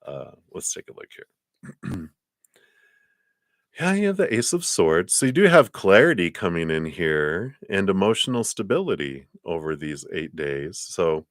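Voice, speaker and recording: A man giving live tarot readings in a gentle, meandering way, with many fillers and soft laughs. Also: low voice, big pitch swings, unhurried, no echo, studio quality. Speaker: tarot card reader.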